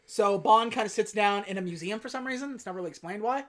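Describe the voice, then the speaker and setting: A woman of middling pitch hosts a podcast, walking through a film plot in loose, casual chat. She swears freely and drops dry, wry asides as she goes. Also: quick pace, a crowd in the background. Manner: profane, laid-back storytelling with wry asides. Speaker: podcast host.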